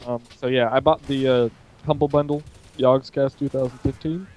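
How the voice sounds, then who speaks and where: Hoarse man joking around with a friend. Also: mid-range voice, steady tone, normal speed, darkish tone, a little hiss or hum, low-quality recording. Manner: joking, teasing, rambling. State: hoarse throat. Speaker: podcast co-host. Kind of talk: casual chat between friends.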